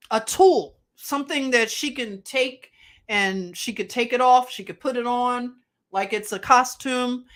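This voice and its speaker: A woman hosting a live stream, talking slowly and musing through casual commentary with frequent restarts. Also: a little high, a bit bright.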